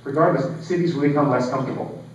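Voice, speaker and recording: A man's voice: mid-range voice, quick pace, a little hiss or hum. A man in his forties giving a conference keynote, talking conversationally with lots of fillers and wry asides. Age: 40s. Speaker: keynote speaker, geological scientist. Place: large hall. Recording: echoey hall, distant and dull.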